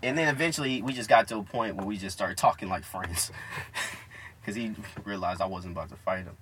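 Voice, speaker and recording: A man's voice: fairly low pitch, fairly quick, fairly bright tone, a little hiss or hum. A young man co-hosting a podcast from inside a car, telling stories casually, laughing often and acting out other people's lines. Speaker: podcast co-host. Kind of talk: casual storytelling chat.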